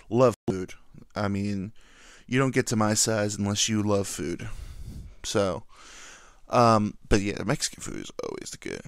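A man's voice: fairly low pitch, no room sound, studio quality. A young man hosting a casual solo podcast, rambling and self-deprecating as he jokes about his life. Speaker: podcast host.

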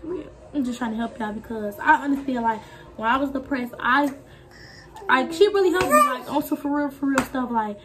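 High-voiced talkative young woman. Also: expressive, fairly quick. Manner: candid, talkative, heart-to-heart. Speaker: vlogger. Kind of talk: casual chat.

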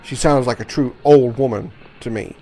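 A man's voice: medium pitch, fairly even intonation, normal speed, mellow. A man casually commenting on his gameplay, rambling, correcting himself and swearing freely. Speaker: gaming channel host.

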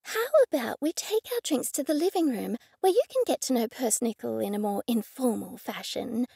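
A woman narrator voicing a friendly, patient young woman witch who speaks gently, slowly and with a pleading tone. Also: fairly high pitch, expressive, gravelly, slightly rough, no room sound, clean studio sound, exaggerated voice. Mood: earnest, gentle. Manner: gentle, slow and pleading, sometimes hushed.

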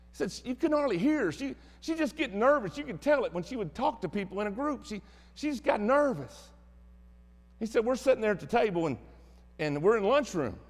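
A man's voice: high voice, big-room sound. A man with a Southern American accent preaching a sermon as pastor, telling stories in a folksy, plainspoken way. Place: church sanctuary.

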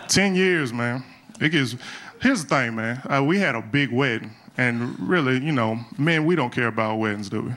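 A man's voice: medium pitch, fairly bright tone. A middle-aged man doing a live stand-up routine on a club stage, talking in a loose, conversational way and often tagging lines with "man.". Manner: conversational, drawn-out "man" tag, acts out quotes. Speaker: stand-up comedian. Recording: live club recording with crowd and noise. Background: audience laughter.

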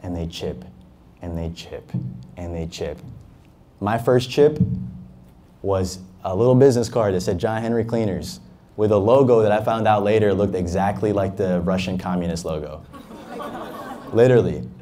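A man's voice: low-pitched, moderate pace, long pauses, dark tone. A young man from Harlem, a guest at a fireside chat, talking about his path in business in an emphatic, motivational way with casual swearing. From Harlem, New York. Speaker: entrepreneur, interview guest.

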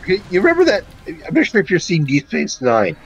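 A man chatting on a casual gameplay live stream as a co-player, jokey and quick to laugh at himself, over dull lo-fi voice chat audio. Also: sits high, huge pitch swings, vocal fry, a crowd in the background. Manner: jokey, laughs at his own jokes.

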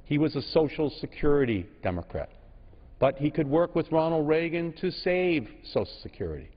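A man in his sixties speaks from the floor of a large legislative chamber, the long reverb trailing each phrase. His oratory is slow and emphatic, broken by frequent pauses, and the sound is a little dull and muffled. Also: on the high side, sing-song. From Massachusetts. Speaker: congressman. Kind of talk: floor speech.

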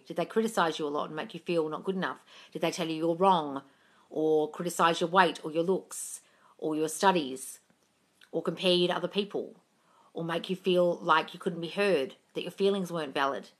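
A low-pitched, slightly bright female voice answers viewer questions on a relaxed phone livestream from home, where her cat keeps her company. She reads the comments aloud, swears freely and calls everybody darling.

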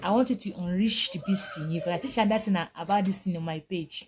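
A woman's voice: mid-range voice, brisk, slight background noise. A middle-aged woman teaching on a live stream. She talks emphatically, repeats herself and laughs often. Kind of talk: live-stream motivational talk.

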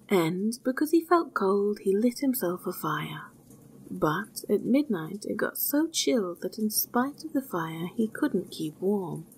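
A woman calmly narrating a folk tale in a measured storytelling voice. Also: mid-range voice, slight background noise.

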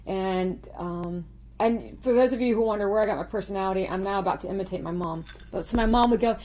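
A woman's voice: mid-range voice, fast talker, darkish tone. A woman songwriter telling a story in a chatty, self-mocking way, laughing often. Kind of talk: storytelling interview.

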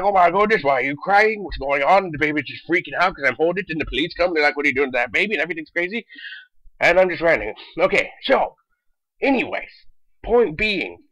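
A young man delivering a sarcastic, exasperated comedic rant in an animated way, on slightly dull lo-fi audio. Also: on the high side, no echo. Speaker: vlogger.

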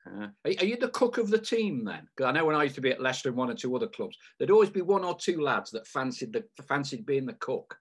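A man's voice: medium pitch, very animated, fast talker, few pauses, breathy edge. A man hosting a podcast, asking rambling, chatty questions with lots of fillers. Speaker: podcast host. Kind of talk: casual interview.

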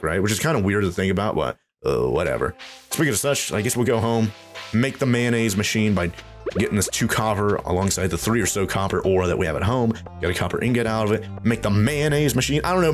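A man hosting a let's play, chatting casually over his game, rambling and thinking aloud to his viewers. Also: on the low side. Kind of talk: casual gameplay commentary. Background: game music.

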